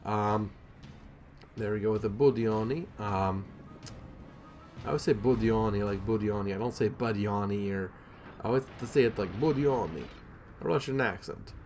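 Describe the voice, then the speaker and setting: A man's voice: fairly low pitch, normal speed, long pauses, darkish tone, slight background noise. Rambling man doing gameplay commentary. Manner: rambling, self-deprecating, many ums.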